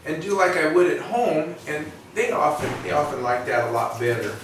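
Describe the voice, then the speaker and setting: A man's voice: a little high, fairly even intonation, moderate pace, a bit bright. Folksy male vet in an echoey exam room. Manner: folksy, rambling, many restarts. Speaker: veterinarian. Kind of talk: instructional demonstration. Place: veterinary clinic exam room. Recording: roomy, distant, faint noise.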